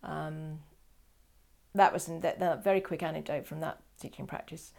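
Gravelly-voiced woman telling a story. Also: low-pitched, normal speed. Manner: animated, acts out quoted dialogue. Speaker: interviewee. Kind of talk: personal storytelling.

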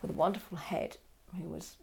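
An older woman recalls her past in an interview. Her voice sits low with a gravelly edge, and she acts out the dialogue of the people she remembers. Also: brisk, slight background noise. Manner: animated, acts out quoted dialogue. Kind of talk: personal storytelling.

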